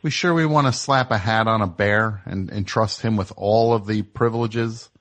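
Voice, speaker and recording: A man with a somewhat low voice hosts a comedy call-in show. He teases his callers and riffs in a loose, rambling way. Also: moderate pace, fairly bright tone. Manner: teasing, riffing and rambling. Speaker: host.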